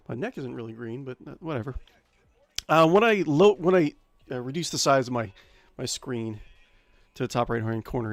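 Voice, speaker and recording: A man's voice: medium pitch, no echo, studio quality. Rambling man streaming a game. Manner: rambling, self-correcting, filler-heavy. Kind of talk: casual live-stream chat.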